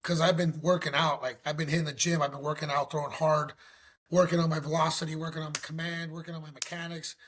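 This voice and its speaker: Husky, higher-voiced man telling stories. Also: fast. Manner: animated, slangy, acts out quotes. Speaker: podcast guest. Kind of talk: casual storytelling.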